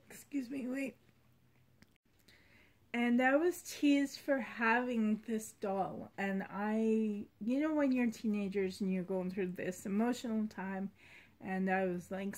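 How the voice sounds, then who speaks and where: A woman vlogging about her doll collection in a rambling, heartfelt way. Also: on the high side. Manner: rambling, heartfelt, soft-spoken. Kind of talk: casual vlog chat.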